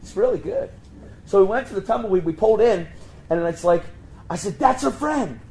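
A man preaching, telling a story and acting out the voices of the people in it with sudden high jumps in pitch. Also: a little fast, warm tone, poor audio. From Pennsylvania. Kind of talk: storytelling sermon.

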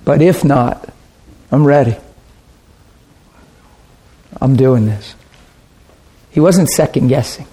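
A man's voice: medium pitch, slow, pauses often, mellow. A man preaching a sermon in an earnest, conversational way, asking his listeners rhetorical questions.

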